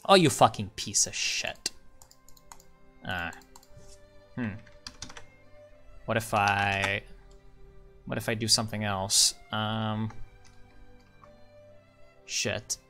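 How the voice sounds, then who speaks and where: A man's voice: on the low side, extremely slow, long pauses, bright, forceful tone, soft background music. A man rambling casually through a game commentary as a channel host, muttering to himself and swearing when things go wrong.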